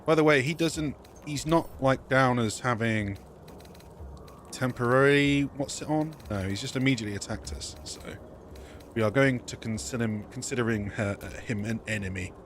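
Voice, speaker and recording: A man's voice: mid-range voice, moderate pace, a bit bright, a little hiss or hum. A man casually commentating his gameplay as a let's play streamer, thinking aloud and correcting himself as he goes.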